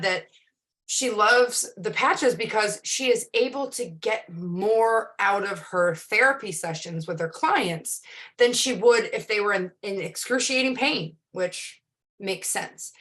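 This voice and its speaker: A woman's voice: medium pitch, fairly bright tone. A woman in her forties hosting a casual live stream, talking in a chatty, rambling way with many restarts and ums. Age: 40s. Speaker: host.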